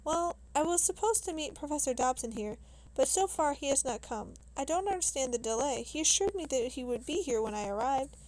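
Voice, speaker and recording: An eager, excitable male professor from abroad, as a woman reads him aloud from a novel. The voice sits a little higher than usual and rises readily into questions. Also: fairly quick, rough recording. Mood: earnest.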